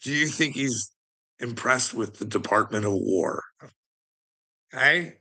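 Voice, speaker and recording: A man's voice: medium pitch, expressive, takes it slowly, bright, forceful tone. A man ranting to his live chat in a sarcastic, mocking way, swearing heavily and often breaking into laughter. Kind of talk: profane livestream rant to chat.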